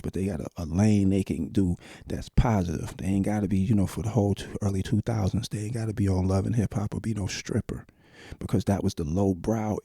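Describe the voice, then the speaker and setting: A man's voice: low-pitched, creaky, warm tone, breathy edge, no echo, studio quality. A man talking in a rambling, conversational monologue with restarts and emphatic asides. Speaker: commentator. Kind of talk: casual monologue.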